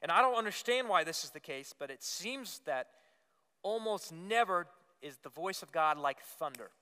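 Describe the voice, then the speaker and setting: Man preaching in a church, bright clear voice, long echo off the walls. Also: high-pitched, expressive, moderate pace. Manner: earnest preaching with repetitions and emphatic rises. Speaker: pastor. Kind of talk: sermon. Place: church sanctuary. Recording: long reverb of a church hall.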